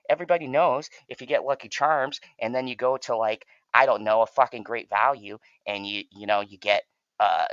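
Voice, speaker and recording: A man's voice: medium pitch, fairly bright tone, no room sound, muffled recording. A man hosting a fan channel, giving a heated and profane reaction commentary.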